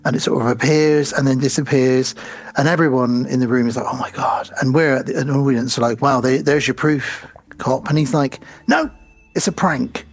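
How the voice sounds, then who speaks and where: A man's voice: mid-range voice, normal speed. A man co-hosting a horror film podcast, recapping the plot step by step and quoting the characters. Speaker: podcast co-host. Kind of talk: casual film review chat.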